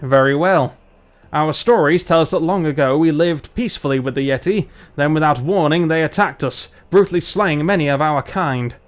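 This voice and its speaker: A man voicing a proud, gruff male dwarf leader from the frozen north, in a put-on northern British accent and a formal, stern manner. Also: a little high, moderate pace, lightly acted.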